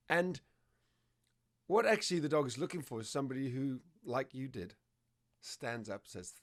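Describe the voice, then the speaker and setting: A man explaining dog behavior as a trainer, telling lively stories and acting out what dogs and owners say. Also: mid-range voice, moderate pace. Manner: animated storytelling, acts out dog and owner voices. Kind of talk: conversational explanation.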